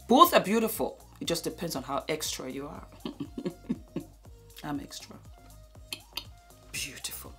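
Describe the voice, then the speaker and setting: A low-pitched woman doing a makeup tutorial video. She talks slowly and fondly to her viewers and gushes over each product. Her voice often falls to a soft murmur while she applies makeup, with faint music playing underneath. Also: expressive, husky. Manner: affectionate, gushing, calls viewers darlings. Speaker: beauty vlogger.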